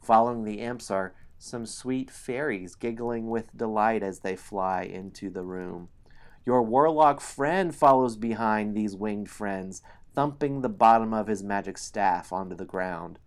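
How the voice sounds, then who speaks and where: A man hosting a solo tabletop game stream, narrating the story slowly and explaining the game sheets. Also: on the low side, clear, resonant tone.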